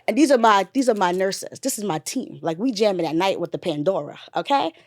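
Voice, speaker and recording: A woman's voice: mid-range voice, expressive, brisk, no room sound, studio quality. A woman, a nurse and bereaved mother, retelling a painful memory in a candid podcast conversation. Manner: candid, swearing, drifts from loud retelling to quiet grief.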